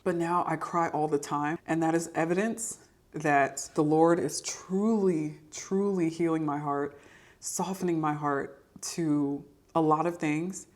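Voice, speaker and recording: A woman's voice: low voice, fairly even intonation, unhurried, darkish tone. A young adult woman sharing a personal faith testimony to camera, earnest and encouraging. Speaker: podcast host sharing testimony. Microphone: camera mic.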